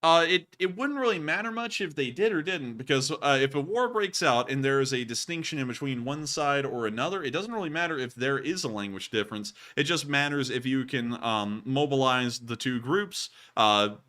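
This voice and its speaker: A man's voice: mid-range voice, lively intonation, normal speed, hardly any pauses, bright, forceful tone. A man hosting a live stream, answering viewer messages in loose, rambling casual talk full of fillers. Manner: rambling, filler-heavy, repeated sign-offs. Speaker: host.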